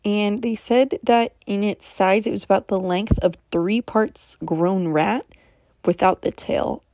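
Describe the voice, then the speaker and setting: Casual female storyteller, wry and doubtful, mid pitch, dry close sound. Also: fairly even intonation, a little slow, darkish tone, no room sound. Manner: skeptical, wry asides. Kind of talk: casual true-mystery storytelling.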